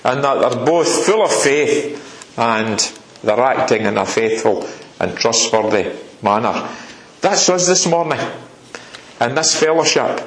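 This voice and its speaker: A man's voice: medium pitch, expressive, measured pace, echoey room, low-quality recording. A man preaching a sermon, earnest and repeating key phrases for emphasis. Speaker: lay preacher. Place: church hall.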